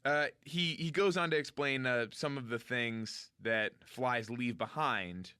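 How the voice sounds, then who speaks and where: Male podcast co-host, bright tone, casual sarcastic recap, dry sound. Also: mid-range voice, measured pace, clear, resonant tone, no room sound. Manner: rambling, recapping with playful sarcasm. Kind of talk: casual comedic chat.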